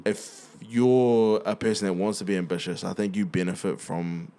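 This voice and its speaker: A young man from New Zealand with a New Zealand accent, a comedian chatting as a podcast guest, animated and swearing freely. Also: lowish voice, moderate pace. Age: young adult. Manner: animated, swears freely, says bro a lot. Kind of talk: casual podcast chat.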